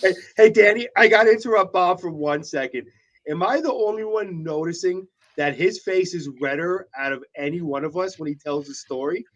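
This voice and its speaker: A man's voice: high-pitched, normal speed. A man joining a casual morning show chat who breaks in with playful teasing.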